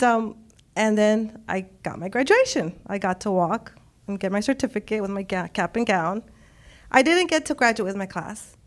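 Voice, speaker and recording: A middle-aged woman telling a personal story on stage, emotional and laughing often as she quotes others. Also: medium pitch.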